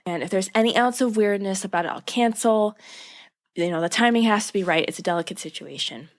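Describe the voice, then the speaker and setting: Brisk and mid-range in pitch, a podcast co-host chats casually through a recap of a TV episode. She's animated, performing the characters' lines with laughs.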